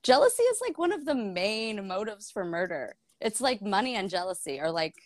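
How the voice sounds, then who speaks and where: A woman's voice: mid-range voice, big pitch swings, moderate pace, dry recording, studio quality. A young woman co-hosting a book club podcast, candid and laughing often, swearing casually. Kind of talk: casual chat.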